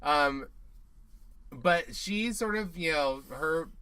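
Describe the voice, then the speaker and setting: Bright-voiced chatty male co-host. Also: on the high side, animated, smooth, dry recording. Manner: chatty, quick asides, playful mimicry of others. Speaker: podcast co-host. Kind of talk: casual chat recapping a reality show.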